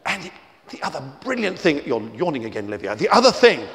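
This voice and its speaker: A man's voice: a little high, big pitch swings, quick pace, slight background noise. Theatrical male storyteller in a reverberant hall. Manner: theatrical, teasing, swings between shouts and hushed asides. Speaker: children's author. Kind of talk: live storytelling talk to children. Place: book festival venue, indoors. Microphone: tie-clip mic.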